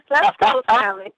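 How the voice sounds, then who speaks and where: On a dull, dry phone line, a woman hosts a conference call, her voice high-pitched and fairly bright. She's upbeat and affectionate, addressing her listeners as family.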